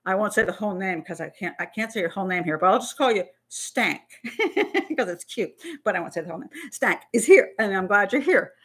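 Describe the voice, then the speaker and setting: A middle-aged woman and criminal profiler hosting a live Q&A stream, talking in a blunt, animated way with many restarts. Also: mid-range voice, fairly quick, husky. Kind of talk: casual live-stream talk.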